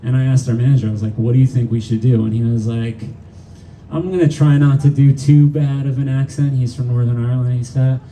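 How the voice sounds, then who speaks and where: A man's voice: medium pitch, steady tone, fairly quick, dark tone, slight background noise. Distant middle-aged man joking on stage. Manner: loose, profane, laughing storyteller. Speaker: band singer on stage. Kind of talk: stage banter between songs. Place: live music venue stage. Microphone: stage vocal mic recorded from the crowd. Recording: distant live audience recording with band.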